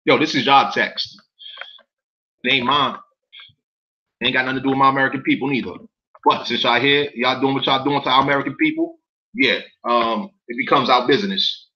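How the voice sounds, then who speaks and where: Read it like a man going through documents for his viewers, bright and edgy. Stop often to question them in disbelief, swear casually, and let the recording sound muffled and lo-fi. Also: medium pitch, fairly even intonation, fairly quick, long pauses. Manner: incredulous, profane, keeps asking viewers questions. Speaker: commentator reading documents to viewers. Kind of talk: casual commentary reading documents aloud.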